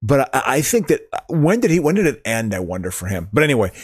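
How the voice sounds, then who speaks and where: A man's voice: mid-range voice, big pitch swings, quick pace, darkish tone, slightly rough, no echo, studio quality. A man co-hosting a casual podcast, talking with stammering restarts. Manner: stammering restarts, movie-trivia talk. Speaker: podcast co-host. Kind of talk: casual chat.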